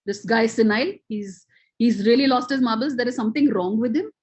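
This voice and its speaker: A woman's voice: fairly high pitch, brisk, a little mellow, lightly acted. A woman doing an exasperated arrogant young student. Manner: indignant, exasperated outbursts.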